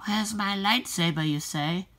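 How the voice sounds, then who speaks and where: A woman voicing a scheming female Sith emperor in a plush puppet comedy, talking slowly and menacingly. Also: medium pitch, a bit bright, pitched below the performer's own voice, lightly acted.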